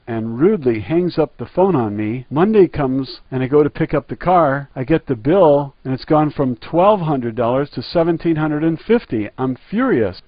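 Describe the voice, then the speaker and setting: A man's voice: on the high side, no echo. Man reading his memoir, blunt and swears a lot, mid voice, muffled dry recording. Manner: blunt, profane storytelling. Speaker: narrator. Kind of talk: reading a first-person memoir aloud.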